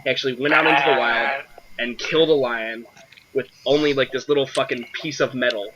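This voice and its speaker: A man's voice: mid-range voice, steady tone, brisk, very noisy. A young man running a tabletop game, chatting loosely with lots of fillers over a voice call. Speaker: game master. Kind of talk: casual chat over voice call. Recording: dull lo-fi sound.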